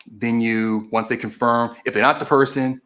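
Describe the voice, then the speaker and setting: This political stream host has a medium-pitched, fairly even voice that sounds pushed and bright, moving at a moderate pace. Captured on a camera video recording, he lays out a process one step at a time in a casual way, frequently breaking off to restart or fix what he just said.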